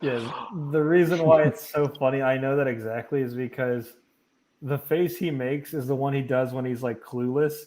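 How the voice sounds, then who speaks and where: A man co-hosting a podcast in casual chat, retelling scenes with animated laughter. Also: medium pitch, moderate pace, a little hiss or hum. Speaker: podcast co-host.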